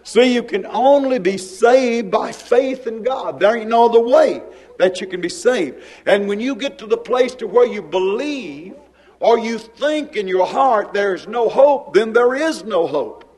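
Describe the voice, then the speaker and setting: A man preaching a sermon, slow and dramatic, telling of his own spiritual ordeal. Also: lively intonation, darkish tone, low-quality recording. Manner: slow, dramatic preaching with sweeping pitch swings.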